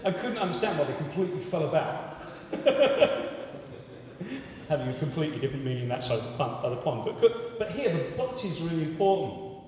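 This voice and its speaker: A man preaching a sermon in a conversational, animated way, often repeating words as he restarts. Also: on the high side, fairly quick. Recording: echoey hall from far off.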